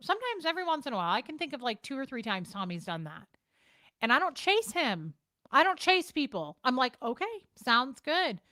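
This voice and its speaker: A woman's voice: sits high, sing-song, pushed and bright, no echo. A woman hosting a casual livestream chat, blunt and profane, talking to her viewers from a home streaming setup. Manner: blunt, profane, fast-shifting delivery. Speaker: livestream host.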